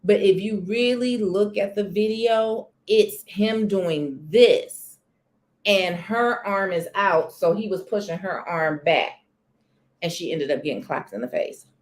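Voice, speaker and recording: A woman's voice: medium pitch, takes it slowly. Chatty woman hosting a live stream. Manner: chatty, expressive, greets chat viewers by name. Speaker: livestream host. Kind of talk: casual live-stream gossip chat. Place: corner of a room at home near a sunny window.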